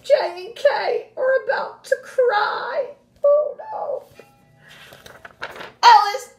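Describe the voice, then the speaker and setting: With an extremely high pitch, this woman reads a picture book aloud to young kids, animated and full of gasps and playful sound effects. Afterward she gives the class instructions. The recording carries a roomy echo.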